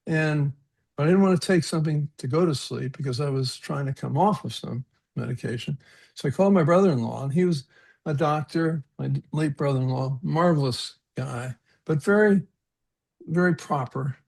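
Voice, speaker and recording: A man's voice: on the high side, creaky, a little mellow. A man giving a webinar talk over a video call, telling personal stories in an earnest, reflective way. He often repeats words and restarts sentences, and he chuckles at his own stories. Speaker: presenter on a webinar panel.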